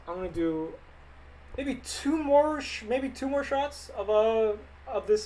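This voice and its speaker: A young man rambling casually on a livestream, reading viewer questions aloud and answering them into a desk mic that clips when he gets loud. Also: high-pitched, slight background noise. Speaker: livestreaming animator.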